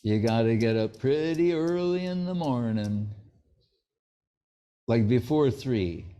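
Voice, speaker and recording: Speaking slowly at a medium pitch, this man sounds animated, warm, clear and resonant. As a spiritual teacher giving an anecdotal sermon, he tells stories and performs the quoted lines of their characters.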